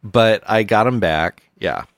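A man with a very low, deep voice tells stories in an unhurried, deadpan manner on a comedy podcast. The sound is dry and close to the mic. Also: dry recording. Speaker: podcast co-host. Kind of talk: casual comedic chat.

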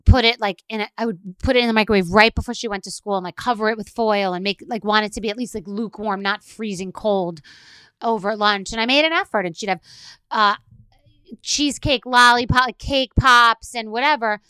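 A middle-aged woman telling a casual story in a chatty, animated way, loudly acting out the lines she quotes. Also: fairly high pitch, a little fast, clear, resonant tone, no room sound, studio quality.

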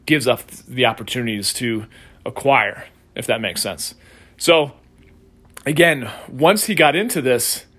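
A man's voice: on the high side, fairly bright tone. Man hosting a casual solo podcast. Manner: conversational storytelling, acts out quoted voices. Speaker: podcast host and coach.

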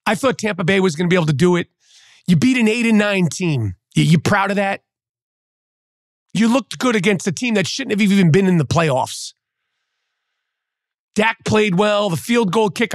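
A man's voice: high voice, dry recording, clean studio sound. A male podcast host delivering a profane, mocking sports rant. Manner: profane, mocking, trash-talking.

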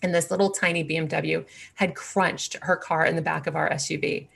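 Low, gravelly woman telling her story. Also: steady tone, a little fast. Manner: candid and earnest, with frequent fillers and restarts. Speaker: interview guest. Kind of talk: personal storytelling in conversation.

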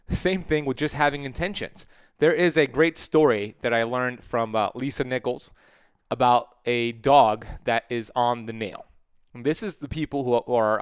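Smooth-voiced man giving motivational talk. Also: medium pitch, no echo, studio quality. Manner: energetic, emphatic motivational delivery. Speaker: podcast host.

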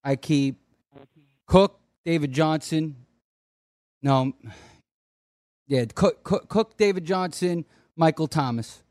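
A man co-hosting a fantasy football show, relaxed and a little hesitant. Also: fairly high pitch, slow, pauses often, no room sound, studio quality. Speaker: radio show co-host.

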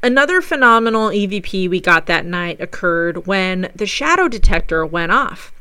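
A woman recounts a ghost investigation as a paranormal investigator, telling it with eager enthusiasm. Her voice is bright and smooth, and it sits close and dry with no room around it. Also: mid-range voice, expressive, normal speed, dry recording. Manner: enthusiastic storytelling. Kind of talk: narrated recap of a ghost investigation.

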